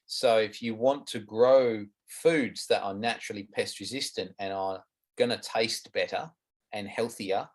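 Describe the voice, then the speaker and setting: A middle-aged Australian man answering interview questions about gardening, frank and explanatory. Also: lowish voice. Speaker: guest gardening expert.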